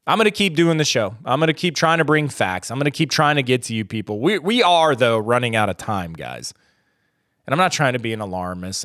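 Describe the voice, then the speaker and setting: A man from the United States hosts a solo podcast rant, blunt and profane, his pitch swinging up and down as he gets worked up. He rambles, restarts and trails off. The sound is close and dry, with no room echo. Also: fairly bright tone. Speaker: podcast host.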